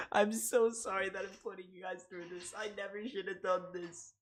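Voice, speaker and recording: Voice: medium pitch, fairly even intonation, moderate pace, background noise. A livestreamer in casual chat with a sore throat, talking in a self-mocking, exasperated way.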